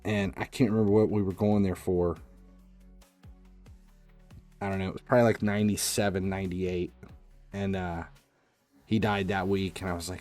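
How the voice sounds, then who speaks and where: A man's voice: sits low, little pitch movement, moderate pace, pauses often, darkish tone, soft background music. A man in his forties casually telling a long personal story as a streamer, rambling with lots of restarts and fillers.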